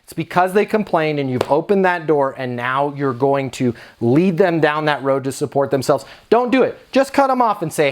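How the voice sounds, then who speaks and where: High-voiced man giving punchy coaching. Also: animated. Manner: punchy, emphatic, acts out quick dialogue examples. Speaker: property leasing trainer. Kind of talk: energetic coaching talk to camera.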